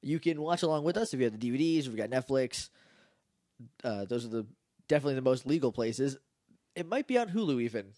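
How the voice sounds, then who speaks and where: Man, podcast co-host, slightly stuffed-up nasal voice, bouncy animated pitch, laughs a lot, dry close mic. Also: quick pace, no echo. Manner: laughs often, rambling and playful. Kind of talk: casual chat.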